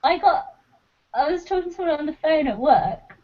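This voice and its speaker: A woman co-hosting a podcast with teasing, lively banter and a high voice. The audio is muffled and lo-fi. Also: normal speed. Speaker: podcast co-host. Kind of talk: casual chat.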